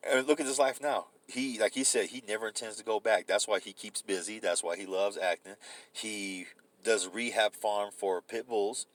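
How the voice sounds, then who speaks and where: A man with a deep, booming voice co-hosting a casual comedy podcast, loose and joking, swearing freely and acting out quotes. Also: moderate pace. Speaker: podcast co-host.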